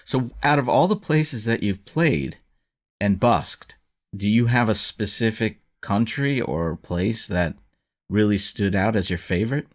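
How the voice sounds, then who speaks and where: Low-voiced man hosting a chat. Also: lively intonation, measured pace. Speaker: podcast host. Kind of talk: casual interview.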